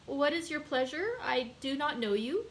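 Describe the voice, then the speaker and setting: A woman's voice: high voice, expressive, moderate pace, slight background noise, pitched above the performer's own voice. A woman voicing a timid, innocent young girl in a read-aloud novel, speaking hesitantly. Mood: wary.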